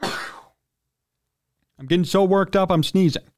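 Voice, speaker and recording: A man hosting a sports talk radio show, ranting indignantly in a heated monologue and often clearing his throat. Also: high voice, steady tone, slow pace, a little mellow.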